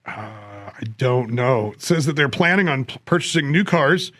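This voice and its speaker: A man's voice: mid-range voice, lively intonation, moderate pace, fairly bright tone. A middle-aged man co-hosting a podcast, rambling with lots of fillers and dry jokes. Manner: rambling, joking, many fillers. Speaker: podcast co-host. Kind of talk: casual chat.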